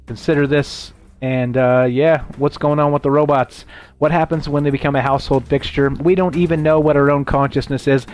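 A man's voice: mid-range voice, a little mellow. A man hosting a casual late-night radio talk show from a laptop while on the road, rambling and poking fun at his own stumbles. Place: traveling, broadcasting from a laptop.

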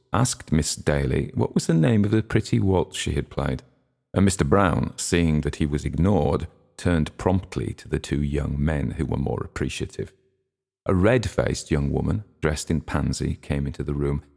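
A man reading a classic short story aloud in measured, steady scripted narration. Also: extremely low pitch, vocal fry. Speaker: audiobook reader.

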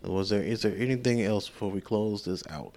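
A man with a lowish voice co-hosts a podcast in relaxed, rambling conversation. He talks loosely and profanely, stumbling through fillers and restarts as he works his way to a point. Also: brisk. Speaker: podcast co-host. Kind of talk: casual chat.

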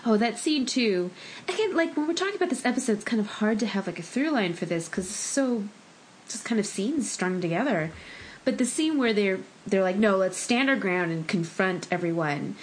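A woman's voice: mid-range voice, lively intonation, normal speed, a little hiss or hum. A woman co-hosting a casual podcast, animatedly retelling cartoon scenes and acting out the characters' lines. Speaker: podcast co-host. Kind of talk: casual chat recapping a cartoon episode.

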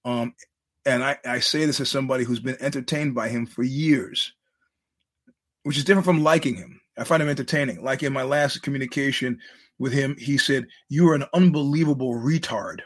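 A man with a husky, slightly rough voice hosts his own podcast, talking off the cuff. He rambles, restarts sentences and slips into quoting other people mid-story. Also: mid-range voice, steady tone, fairly quick, fairly bright tone. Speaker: podcast host. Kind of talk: casual monologue to listeners.

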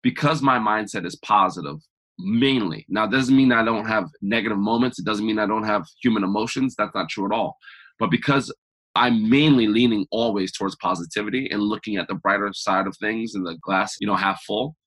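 A man with a slightly husky, breathy voice speaks as a guest in a conversational interview. He talks with energy and emphasis, pushing his motivational points hard. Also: lowish voice, brisk, a bit bright. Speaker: podcast guest, author.

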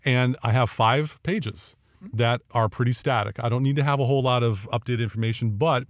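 A man's voice: medium pitch, brisk, no echo, clean studio sound. A man hosting a casual podcast, talking in a chatty, jokey, folksy way. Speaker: podcast host.

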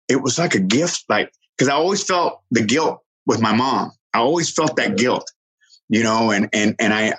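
A middle-aged man with a husky, slightly breathy voice recounts a personal story. He talks earnestly, stumbling and restarting, and slips into lively voices when quoting others. His pitch sits in an ordinary middle range. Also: low-quality recording. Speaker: guest telling a personal story.

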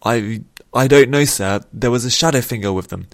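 A man's voice: medium pitch, normal speed, dry recording, studio quality, pitched above the performer's own voice, natural voice. Brief: a man doing a jittery soldier, quivering and stammering, storybook reading. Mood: nervous. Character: nervous young male soldier.

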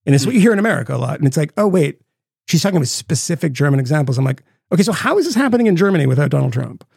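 A man co-hosting a podcast, telling stories in a rambling, profane, animated way. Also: fairly high pitch, rapid-fire, creaky, breathy edge, no echo, clean studio sound. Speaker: podcast co-host. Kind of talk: casual chat.

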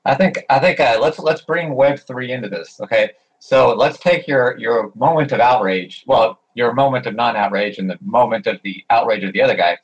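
A man's voice: medium pitch, normal speed, hardly any pauses, slightly rough. A man in a casual group chat, thinking aloud through a speculative idea. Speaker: participant. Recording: dull lo-fi sound.

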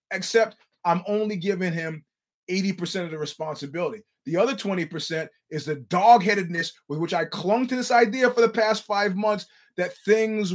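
Brief: middle-aged male host, higher voice, animated storyteller who swears and acts out quotes. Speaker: podcast host. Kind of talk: casual fight-talk chat.

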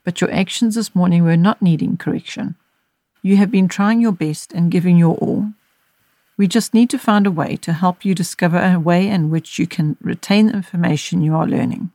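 A woman reading the lines of a gentle, caring mother in an audiobook, in a soft, reassuring voice. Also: on the low side, normal speed, no room sound, clean studio sound, natural voice. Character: gentle, caring mother soothing her daughter.

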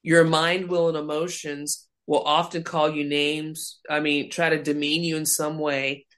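A woman's voice: deep voice, a little slow. An ordained woman minister, a guest in a faith interview, telling stories and acting out the voices she quotes. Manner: animated, acts out quoted voices.

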